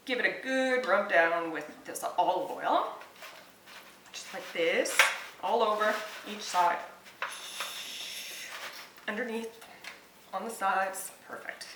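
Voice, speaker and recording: A woman's voice: medium pitch, reverberant, recorded from a distance, background noise. A woman in her thirties, a home cook and mother, talking through her cooking in a chatty, earnest vlog with lots of fillers. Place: home kitchen and backyard grill.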